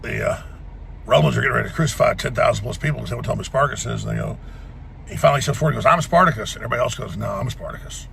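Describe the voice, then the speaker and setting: A man's voice: mid-range voice, rapid-fire, gravelly, a bit bright, a little hiss or hum. A man giving an impassioned, defiant rallying speech, urging listeners to action. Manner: fiery, defiant and exhortative.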